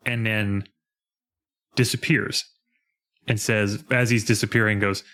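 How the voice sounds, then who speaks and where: A man co-hosting a podcast, chatting casually about a video game and acting out its lines in a lowered voice. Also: measured pace, long pauses. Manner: animated, acts out character lines in a lowered voice. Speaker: podcast co-host.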